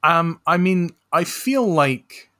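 A man speaking as a podcast guest over a remote call, chatting in a dry, deadpan, mock-serious way. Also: fairly high pitch, slow. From Scotland. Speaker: podcast guest, author and social researcher. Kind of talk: casual comedic chat.

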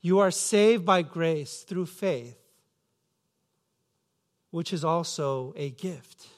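Guy pastor giving a sermon, kinda high voice, earnest, pokes at himself. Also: extremely slow. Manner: earnest, self-questioning, voices his own inner pleading.

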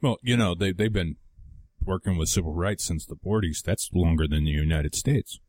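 A man's voice: sits low, moderate pace, a little mellow, no room sound. A man co-hosting a casual talk show, making dry, wry remarks and sometimes stumbling over his words. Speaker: podcast co-host. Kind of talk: casual chat.

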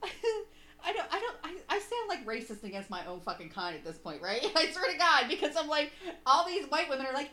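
A woman's voice: sits high, very animated, quick pace, pushed and bright, a little hiss or hum. A woman co-hosting a casual comedic chat, profane and laughing often, breaking into mocking impressions. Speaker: podcast co-host.

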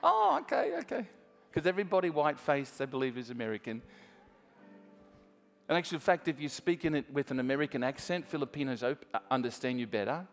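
A man's voice: mid-range voice, fast talker, long reverb tail, soft background music. An Australian man preaching a sermon in a church, telling a story in a chatty way and talking straight to the congregation. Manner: chatty, restarts often, speaks straight to the congregation.

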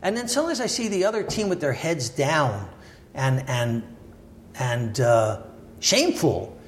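A man's voice: medium pitch, lively intonation, measured pace, a little hiss or hum. An older man from Canada, a former Olympic wrestler, talking through his views in an interview with thoughtful hedging and many restarts and asides. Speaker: podcast guest, former Olympic wrestler and sports lawyer. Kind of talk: reflective interview talk. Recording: roomy echoey room.

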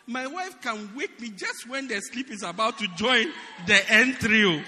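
A man preaching a humorous sermon, acting out stories and shouting the punchlines. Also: very high voice, measured pace, big-room sound. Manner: animated storytelling, laughing and shouting punchlines. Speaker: pastor.

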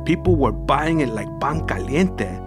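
Man reading a firm, coaxing father, slow and deliberate, over music. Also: on the high side, animated. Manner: firm, coaxing, sprinkled with Spanish words. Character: stern, pushy father of a young son. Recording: music playing behind the voice.

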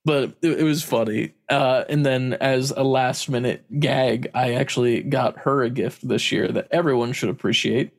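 A man's voice: mid-range voice, steady tone, normal speed, creaky, few pauses. A man in casual chat, telling a story with frequent laughs and casual swearing.

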